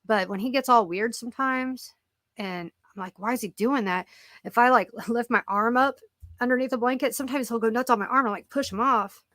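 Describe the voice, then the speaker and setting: A woman's voice: on the high side, brisk, pushed and bright, no room sound, studio quality. A middle-aged woman hosting a casual live-stream chat, rambling and joking about her pets and laughing often as she reads comments. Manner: rambling and jokey, laughs a lot.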